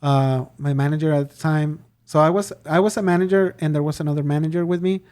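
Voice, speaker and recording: Animated man telling a story. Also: a little high, quick pace, smooth. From Mexico. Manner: animated, acts out quoted voices. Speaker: podcast guest. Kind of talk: casual storytelling chat.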